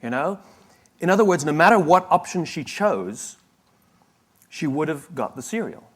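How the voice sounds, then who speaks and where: A man's voice: a little high, lively intonation, normal speed, a bit bright. A man giving a motivational talk, telling a story in a conversational, wry way with asides and self-corrections. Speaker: motivational speaker.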